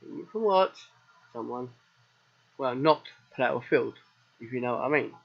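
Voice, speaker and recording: A man's voice: mid-range voice, lively intonation, measured pace, gravelly. A man with a southern English accent, chatting and rambling straight to viewers as he streams a farming game. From England. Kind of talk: casual let's play commentary. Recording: dull lo-fi recording.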